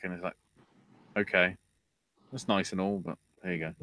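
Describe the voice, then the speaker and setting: A man's voice: low-pitched, steady tone, normal speed, pushed and bright. A man hosting a podcast, recapping wrestling in a casual way with offhand, wry asides. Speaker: podcast host.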